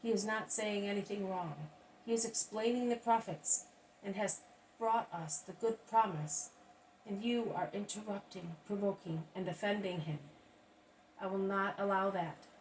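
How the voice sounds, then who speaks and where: A woman reading the part of a stately old man who heads a synagogue, speaking in a forceful, raised manner, from a distant mic with faint hiss. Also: medium pitch, unhurried, lightly acted. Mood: indignant. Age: older. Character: stately old male synagogue head, indignant defender.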